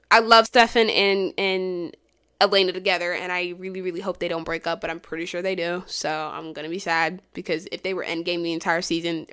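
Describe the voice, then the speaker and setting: A woman hosting a solo podcast, chatting casually, blunt and profane, swinging from low mumbles to loud exclamations. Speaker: podcast host.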